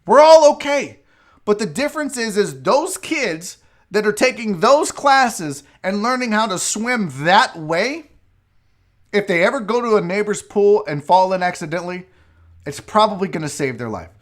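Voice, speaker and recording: A man's voice: sits high, lively intonation, moderate pace. A man hosting a casual live-stream show, ranting with profanity while a bit tipsy from drinking. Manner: profane, rambling rants. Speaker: show host.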